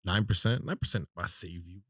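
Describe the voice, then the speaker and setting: A man co-hosting a podcast, low-key and chuckling, who draws out his punchlines. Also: fast, fairly bright tone, dry recording, studio quality. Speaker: podcast co-host. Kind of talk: casual chat.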